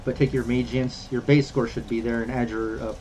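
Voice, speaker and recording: A man running a tabletop game as game master, talking in a relaxed, rambling way with many fillers. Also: mid-range voice, a little fast, a little hiss or hum.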